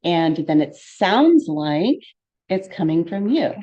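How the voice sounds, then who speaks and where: A woman's voice: fairly low pitch, big pitch swings, slow pace, warm tone, muffled recording. A woman presenting a live-streamed safety training, speaking in an earnest, warning way with fillers and asides. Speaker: trainer giving a free online safety session.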